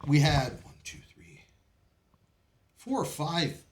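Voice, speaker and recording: A man's voice: a little high, slow. A man telling his old service stories in a casual podcast chat, cursing freely and laughing through his tales. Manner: animated, profane, laughs often while telling stories.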